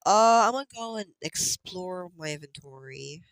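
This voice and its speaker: A streamer rambling through a farming game, half-singing the names of crops and scolding themself. The voice sits in a middle pitch with plenty of vocal fry. It is recorded close and dry, with no room sound. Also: lively intonation, normal speed, fairly bright tone, no echo. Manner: chatty, mutters item names in sing-song repeats. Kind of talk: casual gameplay commentary.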